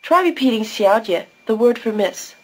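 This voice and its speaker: A woman with a fairly high voice narrates a recorded language lesson. She talks slowly and clearly, explaining pronunciation one step at a time. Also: low-quality recording. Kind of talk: scripted instructional narration.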